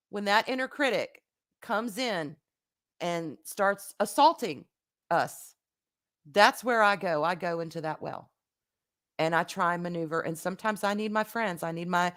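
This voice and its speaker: A woman's voice: mid-range voice, fairly bright tone. A woman hosting a live vlog, talking earnestly and casually to her viewers, often repeating words as she restarts, and greeting them by name. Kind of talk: heartfelt casual talk to viewers.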